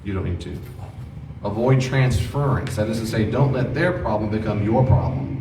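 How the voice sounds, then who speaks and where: A man's voice: on the low side, moderate pace. A man teaching a class on grief, speaking earnestly and acting out short exchanges as examples. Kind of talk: classroom lecture with role-play examples. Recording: echoey room, mic far off, faint noise.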